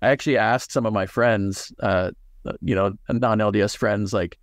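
Low-voiced man talking thoughtfully. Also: fairly even intonation, normal speed, no room sound, clean studio sound. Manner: thoughtful, many fillers and restarts. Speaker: author and guest. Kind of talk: reflective conversation and reading.

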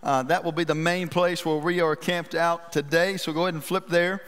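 Pastor, male. High voice, folksy and animated sermon storytelling, reverberant church hall. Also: normal speed. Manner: folksy, animated storytelling with self-deprecating humor. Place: church sanctuary.

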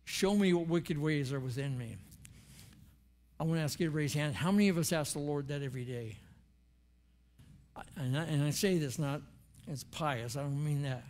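A man's voice: fairly high pitch, brisk, a little mellow. An older man preaching a sermon in a church, earnest and conversational, with prayers spoken aloud.

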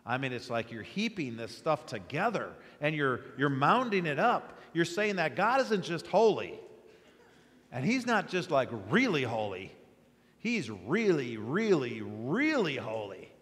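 A man preaching a sermon as pastor, with an animated delivery that rises sharply on repeated words. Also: fairly high pitch, moderate pace. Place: church sanctuary. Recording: long hall reverb.

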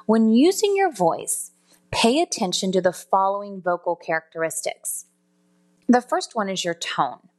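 Woman, trainer, spoken lesson, explanatory, self-correcting, average pitch. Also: expressive, unhurried. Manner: explanatory, self-correcting, demonstrates tones aloud. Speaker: customer service trainer.

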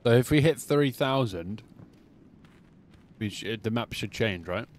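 A man's voice: mid-range voice, expressive, a little slow. A man streaming a game, chatting casually with friends and often restarting his sentences. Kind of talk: casual gaming chat. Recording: faint background noise.

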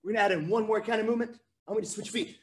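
A man's voice: high voice, rapid-fire. A man teaching a virtual martial arts class to kids, coaching energetically and counting out drills. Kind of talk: virtual kids' class instruction.

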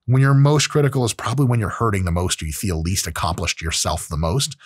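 A man's voice: fairly low pitch, fast, husky, no echo, studio quality. A man in his late thirties hosting his own show, talking in a blunt, profane, casual solo monologue. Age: late 30s. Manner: blunt and profane, with acted-out quotes. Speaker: host.

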